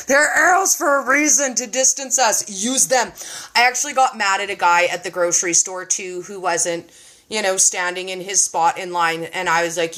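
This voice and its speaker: A woman hosting a casual live-stream chat, reading viewer comments aloud in an animated way. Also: mid-range voice, normal speed, rough recording. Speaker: live show host. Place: home.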